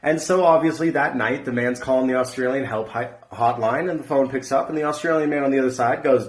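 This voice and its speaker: Man, mid-pitched, echoey room, casual joke. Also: quick pace, hardly any pauses.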